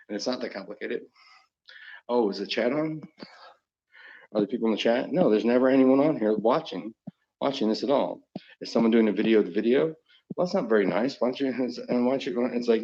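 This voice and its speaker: A man rambling through a profane solo livestream monologue, swinging between loud outbursts and muttering. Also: lowish voice, a little fast. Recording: dull lo-fi recording.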